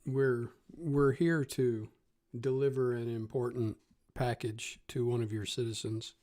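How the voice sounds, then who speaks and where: A man taking part in a tabletop game, answering in character with calm politeness. His tone is warm and mellow. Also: medium pitch, unhurried. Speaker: player. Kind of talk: in-character roleplay talk.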